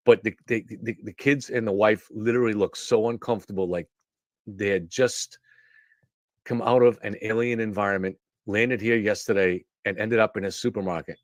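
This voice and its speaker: A man's voice: on the low side, no room sound, clean studio sound. A man hosting a live stream, telling a long personal story in a rambling way, often restarting his sentences. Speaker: show host. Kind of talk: casual monologue on a live stream.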